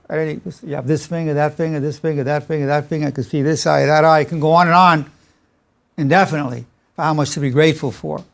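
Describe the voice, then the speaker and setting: An older man, a psychologist, giving an informal lecture and telling personal anecdotes in a chatty, self-amused way. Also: on the high side. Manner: chatty storyteller, amused by his own stories.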